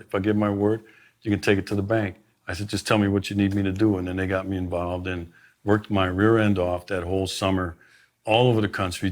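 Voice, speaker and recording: A man's voice: lowish voice, darkish tone. A middle-aged man, a sheriff, telling stories in an emphatic way during a conversation, with many restarts. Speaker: sheriff, guest. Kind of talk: storytelling in a conversation.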